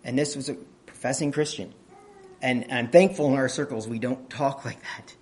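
Husky-voiced man preaching a sermon. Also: medium pitch, steady tone, normal speed, darkish tone. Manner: conversational teaching, asks the audience questions; clears throat often.

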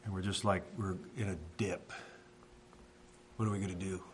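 A middle-aged man from Washington telling a personal faith testimony in a halting, reflective way, often pausing and restarting. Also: sits low, level tone, a little hiss or hum. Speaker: speaker sharing a testimony.

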